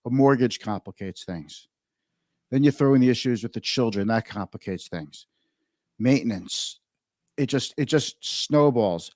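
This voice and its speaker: A man's voice: medium pitch, measured pace, a little mellow, no room sound, clean studio sound. A man hosting an interview, chatting casually and restarting phrases as he thinks. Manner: conversational, repeats himself while thinking. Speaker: livestream host. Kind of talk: interview chat.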